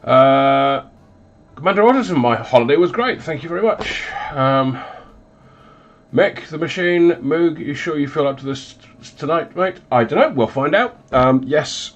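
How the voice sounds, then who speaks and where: The recording cuts off the highs, leaving his mid-range voice. On his casual painting livestream from a hot, closed-window hobby room, the congested, recovering man rambles with lots of ums and self-deprecating jokes.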